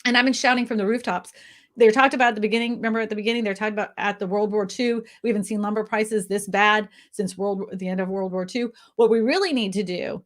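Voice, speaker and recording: A woman's voice: mid-range voice, fairly even intonation, fast talker. A woman on a video call, talking passionately and ranting about housing, with frequent laughs. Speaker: real estate agent panelist. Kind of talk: casual panel chat.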